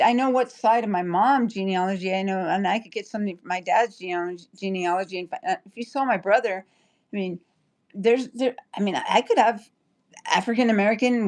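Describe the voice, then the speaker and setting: A woman's voice: medium pitch, darkish tone. A woman chatting on a livestream, rambling and apologetic, stopping and restarting her sentences. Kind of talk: casual livestream chat.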